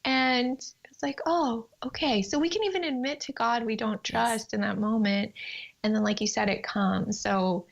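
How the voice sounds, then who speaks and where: A woman guest telling animated stories on a faith podcast, often acting out her prayers in a higher voice. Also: moderate pace, creaky, hardly any pauses, lo-fi sound. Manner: animated storyteller, acts out prayers in a high voice. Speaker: guest, time management coach.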